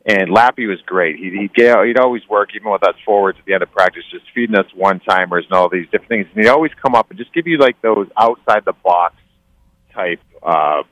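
A man's voice: on the low side, quick pace, a bit bright, no room sound, rough recording. A man from Cleveland, a former hockey player telling stories in casual talk, rambling with lots of restarts. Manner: rambling, many restarts and fillers. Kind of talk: casual storytelling.

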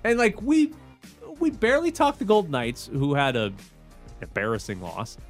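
Sports show guy, voice bounces all over, excitable, chatty. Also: fairly high pitch, soft background music. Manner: animated, quick to laugh, excitable. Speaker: sports talk show host. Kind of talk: casual sports chat.

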